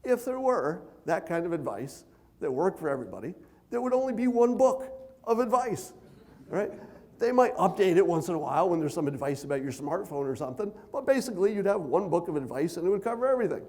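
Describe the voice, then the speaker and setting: A man giving a conference keynote speech, conversational with dry self-deprecating humor, deliberately speaking at a raised pitch. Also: big pitch swings, a little mellow. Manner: loose, unhurried delivery with many fillers and asides.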